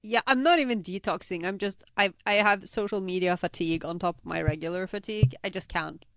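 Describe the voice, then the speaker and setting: A woman's voice: mid-range voice, a little fast, smooth, no room sound. Giggly woman, dry close sound. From Norway. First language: Norwegian. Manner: teasing, giggly, animated banter. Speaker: podcast co-host. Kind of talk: casual podcast chat.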